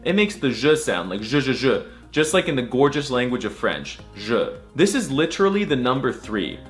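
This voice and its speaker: A man's voice: mid-range voice, big pitch swings, normal speed, faint music behind. A man giving a comedic alphabet lesson, with exaggerated mock-serious delivery and sudden squealing outbursts. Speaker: comedy language tutor.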